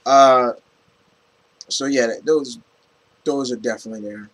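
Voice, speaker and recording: A man giving a casual, rambling movie review, animated and full of restarts and fillers. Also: mid-range voice, measured pace, rough recording.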